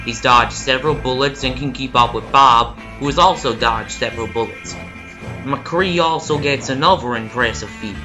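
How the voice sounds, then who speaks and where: A man's voice: medium pitch, moderate pace, music in the background, poor audio. A man with a put-on American cowboy drawl, giving a jokey, mock-serious comedic prediction. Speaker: video commentator.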